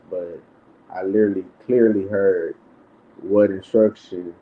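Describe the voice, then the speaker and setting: A man's voice: sits low, fairly even intonation, slow pace, narrow, tinny audio. A man talking earnestly and reflectively as a guest in a casual chat.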